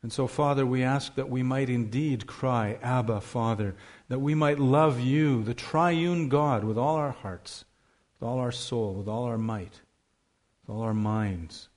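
A man's voice: mid-range voice, a little mellow. A male pastor reading a scripture passage aloud in a raised, emphatic voice during a sermon.

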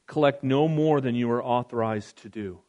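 A pastor preaching a conversational sermon, reading scripture aloud with casual asides. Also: male voice, mid-range voice, moderate pace, darkish tone, muffled recording.

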